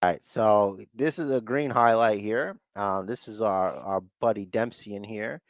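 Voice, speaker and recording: A man co-hosting a casual wrestling podcast, excitable and laughing, often acting out quoted voices. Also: on the low side, moderate pace, no room sound. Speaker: podcast co-host.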